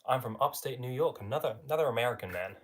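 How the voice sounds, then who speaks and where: Rapid-fire and expressive, this young man with an English accent, speaking at medium pitch, reads viewer comments aloud during a live stream and replies casually. He's a chatty livestream host who keeps calling people "mate" as friendly filler.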